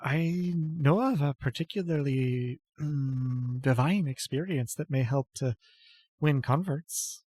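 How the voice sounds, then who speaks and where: A man's voice: mid-range voice, slow, darkish tone, slightly rough, dry recording. A man voicing a flustered, devoted young woman who stammers and repeats herself. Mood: flustered, eager.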